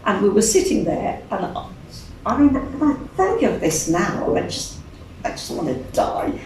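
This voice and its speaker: A woman's voice: lowish voice, a little hiss or hum. An older woman with a Birmingham accent, a singer chatting as an interview guest, telling stories animatedly with frequent laughs. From England. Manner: chatty, animated, laughs often, acts out other voices. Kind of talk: casual storytelling interview. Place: venue room. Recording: distant mic in echoey room.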